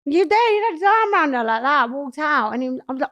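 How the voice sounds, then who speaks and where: A young woman from England, guest on a talk show, telling stories in animated casual chat and swearing freely. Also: sits high, rapid-fire, muffled recording.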